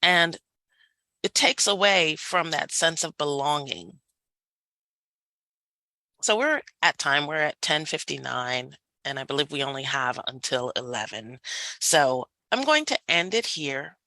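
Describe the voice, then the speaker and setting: A woman leads a faculty workshop over a video call, lively and quick to laugh. Her voice is low and gravelly with a bright edge, and the sound is close and dry. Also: dry recording, poor audio. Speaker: workshop presenter. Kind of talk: online faculty workshop presentation.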